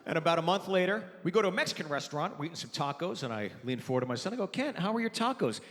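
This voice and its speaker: Animated man doing stand-up in a hall. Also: very fast. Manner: loud animated storytelling with sudden high-pitched yelps. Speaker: stand-up comedian. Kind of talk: stand-up comedy set. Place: theater stage before a live audience.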